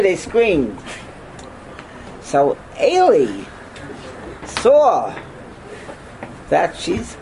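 Animated older man, Torah class lecture, somewhat high for a man, swooping pitch, rhetorical questions, sudden loud outbursts. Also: unhurried, long pauses, a little hiss or hum, rough recording. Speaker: rabbi teaching a class.

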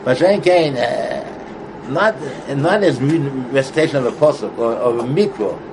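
A man of middle pitch teaches a Talmud text in a loose, halting way. He restarts phrases and circles back over points, with steady background noise and passing vehicles under his voice. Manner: halting, repeats words, mixes English with Hebrew terms. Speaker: Torah teacher. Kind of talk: informal Talmud study lesson.

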